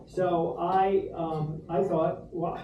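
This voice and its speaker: A man's voice: high-pitched, little pitch movement, extremely slow, dull audio. A middle-aged man from Rhode Island giving a humorous, rambling toast to dinner guests in a restaurant, with lots of ums. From Rhode Island, USA. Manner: humorous anecdotal storyteller, many fillers. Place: restaurant dining room. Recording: roomy echo from far off, background noise.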